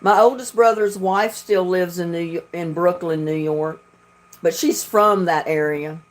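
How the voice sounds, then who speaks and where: A woman's voice: fairly low pitch, a little slow. A woman from North Carolina with a Southern accent, chatting casually and telling rambling stories as she hosts a livestream. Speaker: livestream host.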